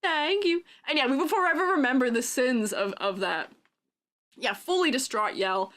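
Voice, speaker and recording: Young woman streamer, casual chat: high voice, giggly, throws in silly noises. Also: animated, moderate pace. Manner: giggly, bursts into silly yells and sound-effect noises.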